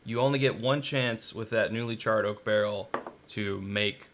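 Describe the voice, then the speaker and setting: A man's voice: lowish voice, moderate pace, a bit bright. Laid-back man rambling on a live stream. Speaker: co-host. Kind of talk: casual chat on a live stream.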